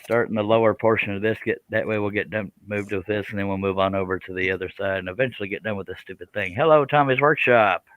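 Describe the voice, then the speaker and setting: A man's voice: on the low side, little pitch movement, fast talker, few pauses, dry recording, narrow, tinny audio. A man hosting a live stream in a rambling, joking, casual chat while he works and greets guests and viewers.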